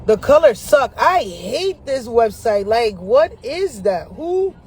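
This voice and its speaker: A man's voice: very high voice, slow pace, slightly rough. A man chatting casually to camera from his car, telling stories in a profane, slangy way and laughing often. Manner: animated, profane, slangy storytelling; laughs often between lines. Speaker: astrology vlogger. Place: inside a parked car.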